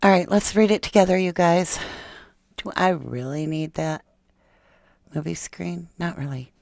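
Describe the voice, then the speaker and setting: A woman's voice: on the low side, measured pace, gravelly, a little mellow, no echo, clean studio sound. A woman hosting a true crime podcast in a casual, chatty way, talking straight to her viewers and reading a document aloud.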